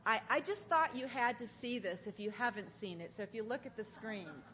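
A woman speaking at a women's gathering, opening in prayer and telling stories in an earnest, animated way. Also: a little high, fairly quick. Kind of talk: devotional talk with prayer. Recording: dull lo-fi sound, faint noise.

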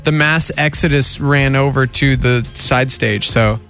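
A man's voice: medium pitch, a little slow, soft background music. A man co-hosting a morning radio show, teasing and joking with his co-host and callers. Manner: teasing, jokey, animated.

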